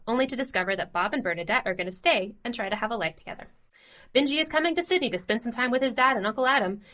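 A woman co-hosting a podcast, giving a lively, self-deprecating plot summary in casual chat. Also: fairly high pitch. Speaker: podcast co-host.

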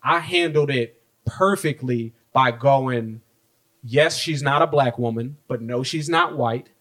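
A man's voice: medium pitch, slow, a bit bright. A young man co-hosting a podcast in casual chat, telling a story and acting out the quotes with some swearing. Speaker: podcast co-host.

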